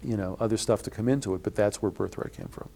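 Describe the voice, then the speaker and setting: Guy with a rough low voice, rambling indignant stories in an interview. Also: fast. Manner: rambling, restarts often, acts out quoted people loudly. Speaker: interviewee, blogger. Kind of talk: storytelling in an interview.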